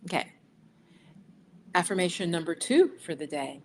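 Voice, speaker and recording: A woman teaching on a live stream, gently guiding listeners through slow affirmations and breathing. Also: on the low side, lively intonation, slight background noise. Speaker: yoga and healing teacher hosting a live stream. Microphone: laptop for live video below her.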